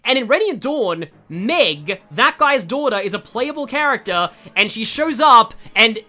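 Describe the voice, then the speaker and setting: Chatty young streamer with a lively voice. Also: mid-range voice, measured pace. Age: young adult. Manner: rambling, chatty, self-interrupting. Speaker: gaming streamer. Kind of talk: casual gameplay commentary.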